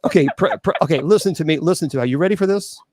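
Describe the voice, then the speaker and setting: A man's voice: fairly high pitch, rapid-fire, a little mellow, no echo, studio quality. A man hosting a casual call-in show, teasing and quizzing a caller, stammering and repeating himself. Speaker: host.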